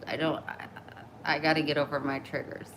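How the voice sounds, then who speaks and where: Woman, middle-aged, low voice, blunt, oversharing, casual vlog, clear background noise. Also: little pitch movement, a little fast. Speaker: vlogger. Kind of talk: candid casual chat.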